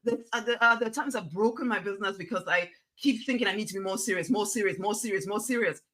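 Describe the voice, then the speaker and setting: Speaking quickly at medium pitch, this motivational speaker repeats herself emphatically as she coaxes her audience to loosen up. At times she swings down to a soft near-whisper, all captured on a rough recording.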